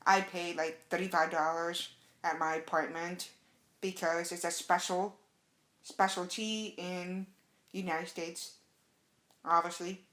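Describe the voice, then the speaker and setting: A young adult woman telling a casual, excited story as a vlogger, acting out the quotes. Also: on the low side, slow pace, pauses often, echoey room. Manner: chatty, excited, acts out quotes.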